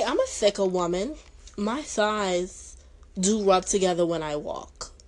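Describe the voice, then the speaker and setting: Young woman podcaster, casual and chatty, wanders off-topic with jokey asides, middle-pitched. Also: poor audio. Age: young adult. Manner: chatty, rambling, joking asides. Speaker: podcast host.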